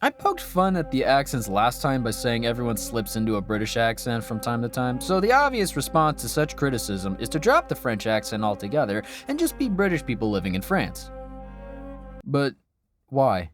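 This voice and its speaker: A man's voice: medium pitch, sing-song, normal speed, faint music behind. A man narrating a scripted video game review with dry, sarcastic asides.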